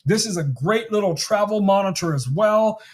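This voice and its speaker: Chatty high-voiced tech host. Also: male voice, lively intonation, normal speed. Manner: chatty, salesy, talks straight to viewers. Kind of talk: casual product demo livestream.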